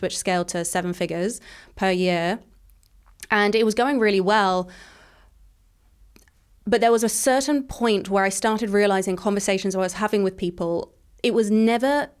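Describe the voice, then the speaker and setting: Her mid-range voice is smooth as this thirty-something Englishwoman, interviewed as a guest, shares her own story. She talks rapidly and bluntly, leaning heavily on "like" as filler.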